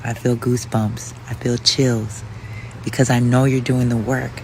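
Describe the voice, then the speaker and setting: A man's voice: mid-range voice, little pitch movement, measured pace, a little mellow, a little hiss or hum, rough recording. A man giving a motivational pep talk in intense, half-whispered affirmations.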